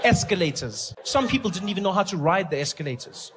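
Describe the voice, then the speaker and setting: A man's voice: sits high, expressive, fast, very noisy. A man from South Africa doing a stand-up comedy routine, telling stories animatedly and acting out the scenes.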